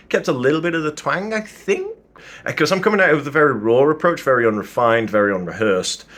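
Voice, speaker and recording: A man's voice: medium pitch, a bit bright. A man in casual vlog talk about his voice acting, chatty, rambling and self-critical. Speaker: voice acting hobbyist, channel host.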